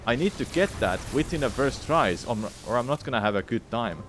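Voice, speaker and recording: A man's voice: medium pitch, animated, fairly quick, fairly bright tone, a little hiss or hum. Frustrated, swearing speedrunning streamer man. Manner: frustrated, swearing, muttering to himself. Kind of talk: live streaming commentary while playing.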